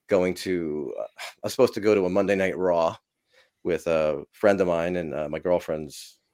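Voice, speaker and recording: Deep-voiced man telling rowdy stories. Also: normal speed, darkish tone. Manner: profane, rambling, laughs through stories. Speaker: podcast guest. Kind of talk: casual storytelling.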